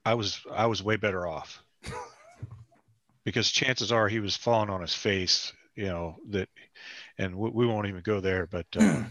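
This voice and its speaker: Middle-aged male guest, lowish, rambling and wry, dull remote audio. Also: normal speed, long pauses, fairly bright tone, no echo. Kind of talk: casual conversation.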